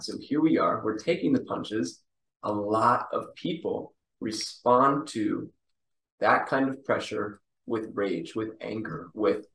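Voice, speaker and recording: A polite, steady man hosts an interview and says "ma'am" to his guest. He sits at a distance from the mic. His voice echoes around the room. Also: lowish voice, takes it slowly, slight background noise. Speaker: podcast host, martial arts instructor. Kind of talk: interview hosting.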